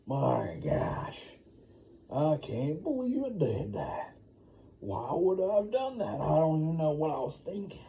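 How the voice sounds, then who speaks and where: A man's voice: on the high side, big pitch swings, unhurried, gravelly, dark tone, a little hiss or hum, voice pushed up, full character voice. A man voicing a flustered old farmer in an improvised bedtime story, fussy and over-apologetic.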